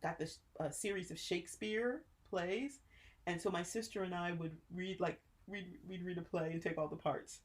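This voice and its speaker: A woman in her sixties from New Jersey, co-hosting a podcast and telling childhood stories with lots of laughter. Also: lowish voice. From Newark, New Jersey. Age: 60s. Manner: animated storyteller, quick to laugh. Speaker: podcast co-host. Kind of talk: casual chat.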